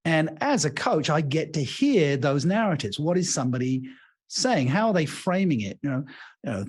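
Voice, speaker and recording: Male leadership coach, guest on an interview podcast, a slightly higher voice, lively storyteller who acts out the voices he quotes. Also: moderate pace, slightly rough. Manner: expansive storyteller, animated.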